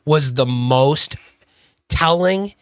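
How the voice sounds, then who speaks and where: Blunt, swearing podcast host ranting. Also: male voice, a little high, very slow, dry recording. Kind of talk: casual wrestling podcast chat.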